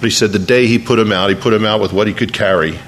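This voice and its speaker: A man's voice: on the low side, rapid-fire, a bit bright, slight background noise. A man pastor delivering a sermon to a congregation in church, telling a story and often repeating his words as he preaches.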